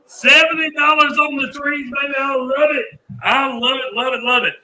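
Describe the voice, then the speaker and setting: A man's voice: extremely high pitch, steady tone, normal speed, sharp tone, echoey room, slight background noise, voice pushed up, full character voice, low-quality recording. A man voicing a cocky little dog who calls in to bid on dog treats and gloats about winning. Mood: gloating. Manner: gloating, teasing.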